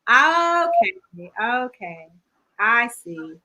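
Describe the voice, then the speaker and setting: A woman's voice: fairly high pitch, very animated, drawn-out words, background noise. A woman hosting an interview, curious and affirming, who asks her guest to spell out names. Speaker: host.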